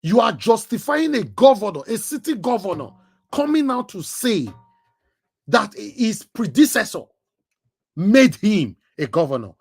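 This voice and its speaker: A man's voice: sits high, sing-song, measured pace, vocal fry, darkish tone, slightly rough. Emphatic Nigerian man hosting call-in. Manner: emphatic, preachy rhetorical questions. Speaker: live show host taking calls. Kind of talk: live call-in commentary.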